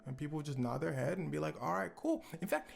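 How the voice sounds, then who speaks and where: Gravelly, lively woman telling a story. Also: sits low, fast, soft background music. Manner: animated, acts out quoted lines. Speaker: co-host. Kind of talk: casual storytelling.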